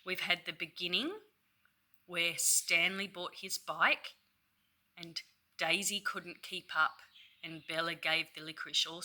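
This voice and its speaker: A woman reading a picture book aloud to young children, slow, clear and teacherly, pausing to clap syllables and ask questions. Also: lowish voice, pushed and bright. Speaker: storyteller for children.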